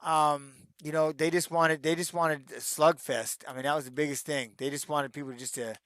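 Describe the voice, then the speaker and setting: A middle-aged former fighter fields fan questions in a loose, conversational stream. His voice sits a little high for a man, and he livens his stories by acting out shouted lines. The sound is dry and close, with almost no room. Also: normal speed, clean tone, no echo. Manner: animated storyteller who acts out shouted quotes, peppered with "man". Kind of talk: casual live-stream Q&A.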